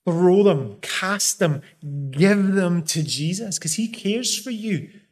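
Guy with a high voice preaching, earnest and pleading, leans on key words. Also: lively intonation, slow pace, a little mellow. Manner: earnest, pleading, rising emphasis on key phrases. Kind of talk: sermon.

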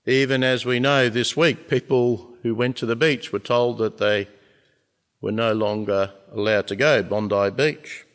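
Male pastor, mid-pitched, earnest sermon with weighty pauses and rising emphasis; long hall reverb. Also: fairly even intonation.

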